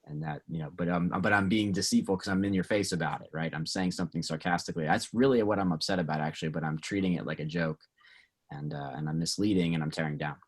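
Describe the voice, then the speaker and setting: A man, a pastor, leading a relaxed Bible study discussion with teens, asking the group questions and talking with many fillers and restarts. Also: low-pitched, fast talker, husky.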